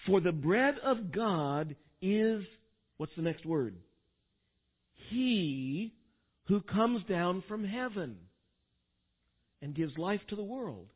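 Husky high-voiced preacher, tinny sound. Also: male voice, animated, slow, long pauses. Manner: dramatic swings from quiet to loud when quoting. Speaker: pastor. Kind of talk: sermon.

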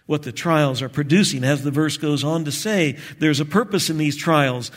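A man preaching a sermon as pastor, measured and earnest with light touches of humor. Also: fairly high pitch.

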